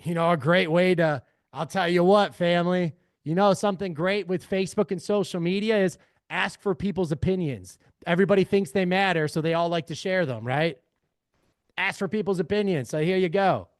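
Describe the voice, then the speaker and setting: A man's voice: sits high, a little fast, dry recording, studio quality. A man leading a live screen-share workshop, talking energetically and calling his audience family. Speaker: real estate AI trainer.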